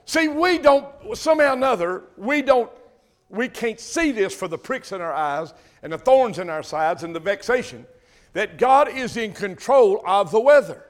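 An older man, preaching a sermon with impassioned bursts of loudness on key words. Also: high voice, lively intonation, moderate pace. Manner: impassioned preaching, swells loud on emphasis. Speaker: pastor.

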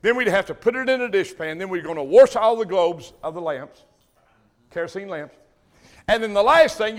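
An older man, preaching a sermon with impassioned bursts of loudness on key words. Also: sits high. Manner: impassioned preaching, swells loud on emphasis. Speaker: pastor.

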